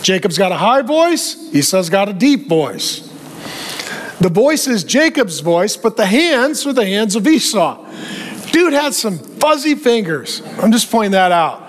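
A man preaching a sermon with animated delivery and joking asides. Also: sits high, a little slow. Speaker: pastor.

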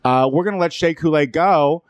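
A man hosting a podcast, telling a story in a casual, animated way with frequent restarts. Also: a little high, brisk, clear, resonant tone, dry recording, studio quality. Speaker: podcast host. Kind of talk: casual chat.

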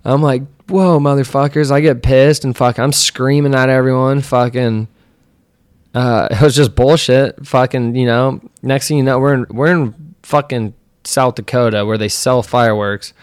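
Young male podcast host, smooth resonant voice, dry close sound, loose profane storyteller. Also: medium pitch, fairly even intonation, moderate pace, dry recording. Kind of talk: casual storytelling chat.

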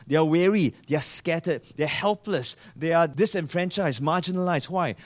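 Higher-pitched male preacher asking questions. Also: moderate pace. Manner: asks the congregation rhetorical questions; reads and quotes scripture in a raised voice. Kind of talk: sermon.

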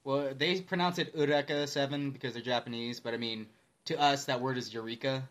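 A man's voice: medium pitch, a little fast, fairly bright tone. A young man in a casual group chat who jokes and cuts in with short, profane remarks. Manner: joking, profane interjections. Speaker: anime podcast co-host.

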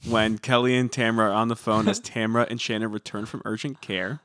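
A man co-hosting a podcast, chatting casually in a measured way and steering the topics. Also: lowish voice, flat delivery, a bit bright, dry recording, clean studio sound. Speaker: podcast co-host. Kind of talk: casual reality-TV recap chat.

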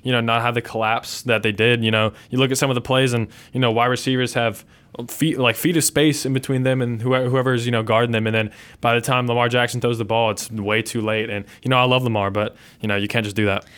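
A man's voice: medium pitch, little pitch movement, fast, a bit bright, clear, resonant tone. A man on a sports panel rambling through answers full of "you know" and "um". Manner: rambling, lots of fillers. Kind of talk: casual sports talk.

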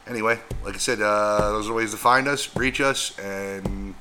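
Lower-voiced guy cohosting a podcast, sharp bright sound, blunt and teasing, bit of noise behind. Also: steady tone, moderate pace. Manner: blunt, teasing, casual swearing. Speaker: podcast co-host. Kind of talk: casual podcast chat.

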